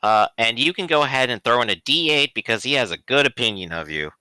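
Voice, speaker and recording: A man running a tabletop game, narrating in a relaxed, chatty way with fillers. His bright voice moves through a wide pitch range. The recording is dry and close. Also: fast talker, clear, resonant tone, no echo. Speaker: game master.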